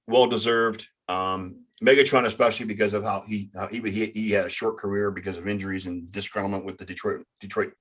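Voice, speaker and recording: Halting low-voiced man hosting sports talk. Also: fairly bright tone. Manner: halting, stumbles and restarts often. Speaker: sports podcast host.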